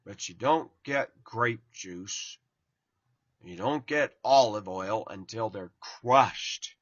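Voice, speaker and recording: A man giving a blunt, informal sermon to his online viewers, tired and yawning, his voice swinging from loud to hushed. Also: fairly low pitch, takes it slowly, breathy edge, no room sound, highs cut off. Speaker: online preacher.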